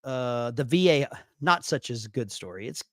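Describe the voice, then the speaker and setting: A man swapping stories on a live stream, his pitch jumping lively as he acts out what people said. His voice sits at a middle pitch and sounds dry and close. He talks in a loose, casual way. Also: moderate pace, no echo. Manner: animated, acts out quoted voices. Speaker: co-host of a veterans' live stream. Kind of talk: casual storytelling chat.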